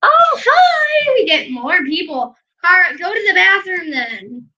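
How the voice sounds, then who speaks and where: A woman's voice: very high voice, expressive, unhurried, sharp tone, dull audio. A young woman giving casual, giggly commentary while playing a life-simulation game. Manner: giggly, chatty, often laughing. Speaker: gameplay vlogger.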